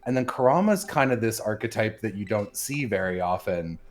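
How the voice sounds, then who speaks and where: A man streaming, chatting casually and telling stories in a rambling, animated way with lots of swearing and filler words. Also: on the low side, normal speed. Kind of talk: casual chat, animated storytelling.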